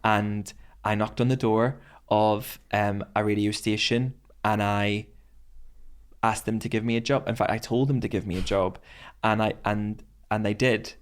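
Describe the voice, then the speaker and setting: A man's voice: on the low side, steady tone, unhurried, smooth. An Irish man, a radio presenter, telling stories candidly and with energy as a podcast guest in a studio, swearing freely. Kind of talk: casual storytelling in a podcast interview.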